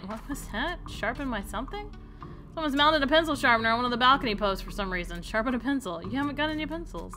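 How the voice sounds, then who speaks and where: A woman's voice: fairly high pitch, animated, fast, bright, forceful tone, faint music behind. A woman streamer playing a comedy western game, reading the text aloud with playful, amused asides.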